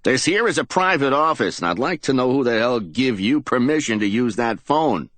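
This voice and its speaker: A man's voice: medium pitch, animated, normal speed, a bit bright, no room sound, voice pushed up, close to an everyday voice. A man doing a surly old-school watchman. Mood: grumpy. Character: gruff male night watchman, surly.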